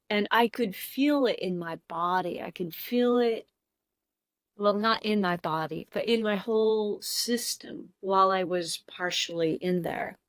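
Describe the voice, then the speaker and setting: A woman on the verge of tears tells a personal story as a podcast guest. She talks slowly and haltingly, with pauses and restarts. Her voice sits at a medium pitch and sounds dry and close, with no room echo. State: tearing up.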